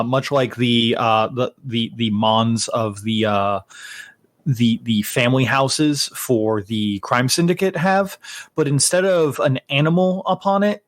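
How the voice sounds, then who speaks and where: Slow halting male game master. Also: mid-range voice, no echo. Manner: halting, many fillers and restarts. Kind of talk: narrating a tabletop game.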